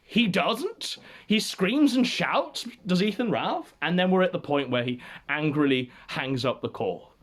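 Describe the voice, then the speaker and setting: Sardonic, theatrical man, high lively voice. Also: unhurried. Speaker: show host. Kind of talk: mocking livestream commentary.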